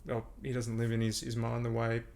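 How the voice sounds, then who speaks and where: A man hosts a podcast in a loose, friendly back-and-forth. His mid-range voice has a gravelly fry. He often laughs and leans on everyday examples to explain things. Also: mid-range voice, monotone, a little fast, a little mellow. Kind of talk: casual conversation.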